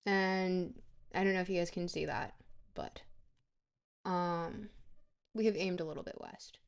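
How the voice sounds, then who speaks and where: A young woman streaming a geography guessing game, rambling and playful, breaking into sudden excited squeals. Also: fairly low pitch, measured pace, gravelly, clean tone. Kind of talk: live-stream game commentary.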